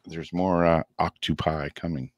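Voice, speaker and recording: A man's voice: sits low, little pitch movement, measured pace, dry recording, lo-fi sound. A laid-back man co-hosting a casual livestream, chatting and reading card meanings aloud, laughing easily while losing his voice. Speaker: co-host.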